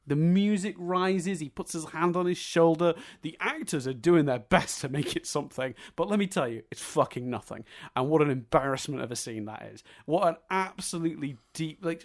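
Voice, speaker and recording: A man co-hosting a podcast, ranting about a film with swearing and mocking quoted lines. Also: on the high side. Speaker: podcast co-host. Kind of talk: casual film review chat.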